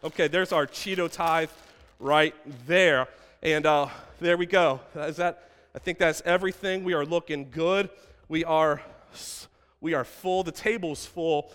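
A man's voice: a little high, steady tone, measured pace, fairly bright tone, clean tone, long reverb tail. A man preaching a playful sermon from a church stage, asking the congregation questions. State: out of breath. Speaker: pastor. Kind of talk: sermon with props.

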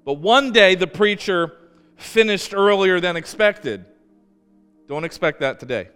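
A man preaching a sermon as pastor, telling stories with emphasis and slowing down to stress key words. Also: sits high, lively intonation, a bit bright, clear, resonant tone, big-room sound, faint music behind.

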